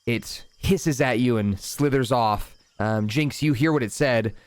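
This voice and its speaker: Smooth-voiced man running a tabletop game. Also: medium pitch, a little slow, no echo. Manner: calm, descriptive scene-setting with casual asides. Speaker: dungeon master.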